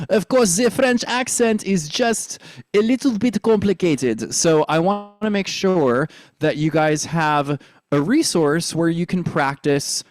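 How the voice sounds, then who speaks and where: Upbeat male drama coach, slightly high-pitched, cheering students on through accent drills. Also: no room sound, studio quality. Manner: demonstrates with sweeping pitch. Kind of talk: accent lesson for young performers.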